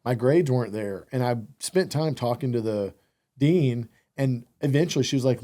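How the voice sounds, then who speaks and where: Mellow-voiced male interview host. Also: medium pitch, moderate pace. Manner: prompting, sums up guest's points. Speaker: podcast host. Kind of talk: casual interview. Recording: faint background noise.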